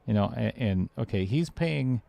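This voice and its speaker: Gravelly low-voiced pool commentator man. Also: expressive, normal speed, dark tone. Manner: chatty, laughs often. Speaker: pool stream commentator and host. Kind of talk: casual live commentary.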